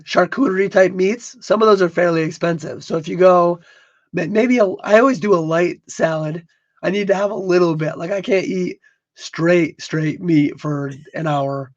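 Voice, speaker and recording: Hoarse man, halting livestream chat. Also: high-pitched, muffled recording. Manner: halting, repeats words. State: hoarse, losing his voice. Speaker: podcast co-host.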